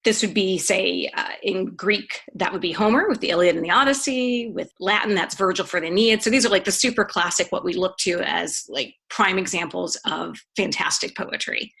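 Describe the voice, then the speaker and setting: A woman with a low-set, bright voice talks through a topic as a podcast guest. She explains patiently and step by step, pausing on small fillers as she thinks. The tone is conversational rather than scripted. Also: vocal fry, breathy edge. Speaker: podcast guest, poetry author.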